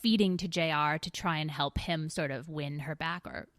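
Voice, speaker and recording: A woman's voice: low-pitched, moderate pace, a bit bright, no echo, clean studio sound. A woman with an American accent co-hosting a podcast, blunt and teasing in casual chat. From United States. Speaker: podcast co-host.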